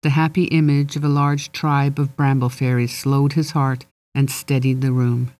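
A narrator reads a storybook aloud in a steady, gently expressive manner. The voice is mellow and warm, and the recording is dry and close. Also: mid-range voice, moderate pace, no echo. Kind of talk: audiobook narration.

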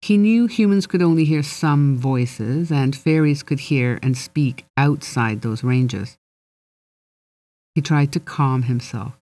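Mellow, steady storybook narrator. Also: mid-range voice, slow, no room sound. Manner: steady, gently expressive storytelling. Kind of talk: audiobook narration.

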